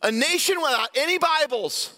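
Brief: male pastor, fifties or older, storytelling sermon in a reverberant sanctuary, high voice. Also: normal speed. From Iowa, US. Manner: storytelling preacher, animated asides to the congregation. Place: church sanctuary. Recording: long hall reverb from a church sanctuary.

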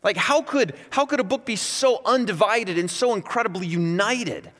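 A man preaching a sermon as pastor, in a conversational, animated way with casual asides. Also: sits high, normal speed. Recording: long reverb from a large hall.

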